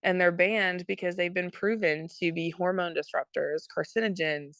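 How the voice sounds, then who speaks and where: Low gravelly woman, earnest and explanatory. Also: steady tone, moderate pace, a bit bright, dry recording. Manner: earnest, many ums, explanatory. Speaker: guest, product consultant. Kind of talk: casual interview talk.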